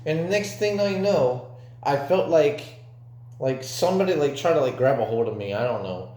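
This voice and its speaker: A man's voice: medium pitch, expressive, moderate pace, mellow. A young man telling a story from his own life in a casual, rambling way, with lots of fillers and swearing. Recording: echoey room.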